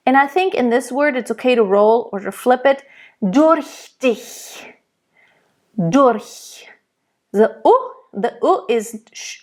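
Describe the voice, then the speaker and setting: Woman German-accented voice coach, fairly high voice, slow and careful, demonstrates sounds. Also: a little mellow. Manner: explains slowly, models pronunciation aloud. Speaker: singing teacher. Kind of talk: diction lesson.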